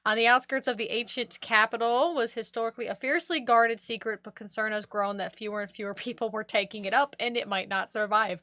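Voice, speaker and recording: A woman's voice: fairly high pitch, steady tone, fairly quick, few pauses, pushed and bright, no echo. A woman co-hosting a casual podcast, reading a news story aloud and breaking off to joke about it. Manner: reads news aloud with laughing asides.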